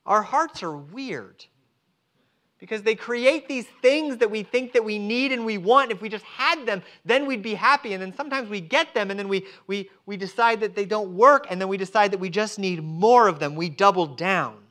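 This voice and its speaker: A man preaches in a church service with a high-pitched, bright, ringing voice. He talks straight to the congregation and animatedly acts out the voices of God and of people praying. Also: normal speed. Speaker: pastor. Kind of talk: sermon.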